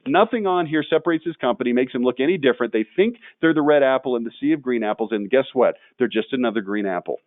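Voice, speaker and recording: A man presenting a marketing webinar, blunt and quick to get worked up as he tears into examples. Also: mid-range voice, animated, no room sound, phone-quality sound. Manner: blunt, gets worked up and ranting.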